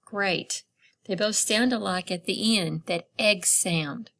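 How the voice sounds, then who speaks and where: Slow, encouraging phonics teacher woman. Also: medium pitch, a bit bright. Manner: slow, drawn-out word modeling with encouraging praise. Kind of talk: phonics lesson for young children.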